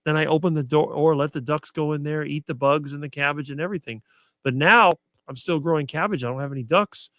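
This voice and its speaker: Middle-aged male guest, smooth talker with no ums, dry close mic. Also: fairly high pitch, a bit bright, dry recording. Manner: fluent and quick, few fillers. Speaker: guest on a diet talk show. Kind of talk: casual conversation on a live stream.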